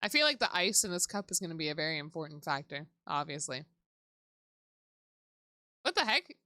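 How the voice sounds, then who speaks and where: Animated woman swearing on a game stream. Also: low voice, normal speed, no echo, studio quality. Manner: laughs often, swears casually, animated. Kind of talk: casual game-stream chat. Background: background music.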